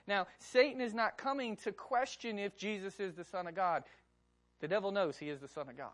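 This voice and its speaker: A woman's voice: medium pitch, fairly quick. A woman preacher delivering a sermon, emphatic and repeating key phrases with rhetorical questions.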